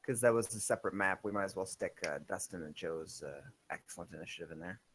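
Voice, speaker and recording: A man's voice: deep voice, fast talker, fairly bright tone, slight background noise. A man playing in a tabletop game, chatting and joking animatedly with the game master. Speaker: player.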